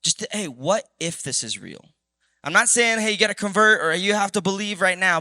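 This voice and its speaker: A man preaching to a youth group, telling a story with lively, animated asides to the crowd. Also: high voice, a little fast, no echo. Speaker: youth pastor. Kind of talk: sermon. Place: church youth service.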